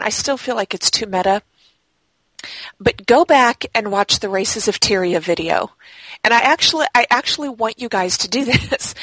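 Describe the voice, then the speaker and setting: A woman co-hosting a gaming podcast in casual chat, talking in a lively, chatty way. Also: mid-range voice, no room sound, low-quality recording. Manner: chatty, laughs easily. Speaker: podcast co-host; game blog writer. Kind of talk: casual chat about games.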